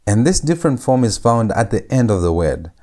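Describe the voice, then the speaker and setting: A man teaching a language lesson, saying each letter sound over and over in a drawn-out, patient way. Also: mid-range voice, sing-song, mellow. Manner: repeats each sound several times, drawn out. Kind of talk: slow lecture on letter pronunciation.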